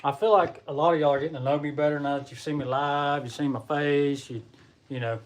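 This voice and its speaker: A man's voice: on the high side, steady tone, a little fast. A young man with a Southern American accent, hosting a casual live chat on a stream in a chatty, folksy way. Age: young adult. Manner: folksy, chatty, addresses viewers as y'all. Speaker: livestream host. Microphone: computer or phone mic on a livestream.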